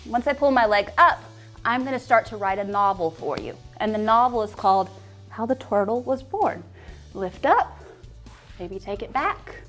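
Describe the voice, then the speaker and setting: A woman's voice: on the high side, expressive, normal speed, fairly bright tone, faint music behind. Chatty, playful woman yoga instructor. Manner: chatty, playful and joking while guiding poses. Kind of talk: guided yoga class.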